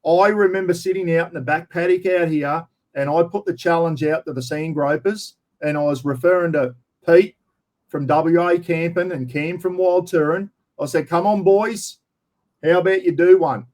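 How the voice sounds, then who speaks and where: A man's voice: a little high, steady tone, moderate pace, a little mellow. An Australian man talking in a casual interview, blunt and matey, calling everyone mate. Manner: blunt, matey, slangy, keeps saying mate. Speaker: interview guest, camping YouTuber. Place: at home, outdoors property.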